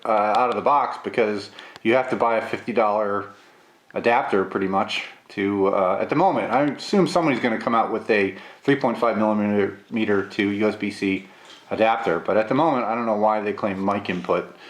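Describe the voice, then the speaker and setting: A man getting over a cold, with a gravelly voice, chatting casually through a camera unboxing and review, with lots of filler "uh"s. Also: on the low side. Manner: relaxed, chatty, many filler "uh"s.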